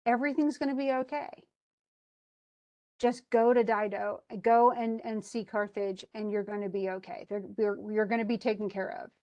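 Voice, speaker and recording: A woman's voice: medium pitch, fairly even intonation, normal speed, darkish tone, lightly acted. A teacher lightly voicing a soothing goddess mother. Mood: reassuring. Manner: soothing, urging. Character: reassuring goddess mother, female, adult.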